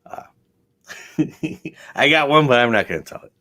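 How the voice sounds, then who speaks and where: A man's voice: mid-range voice, animated, moderate pace, pushed and bright, no room sound. A man hosting a casual comedy podcast, dry and joking in a laid-back way. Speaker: podcast host.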